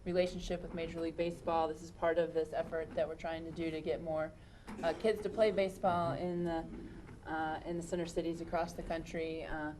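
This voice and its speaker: A woman chairing a city commission meeting as mayor, brisk and conversational. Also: sits low, flat delivery, background noise. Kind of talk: formal public meeting.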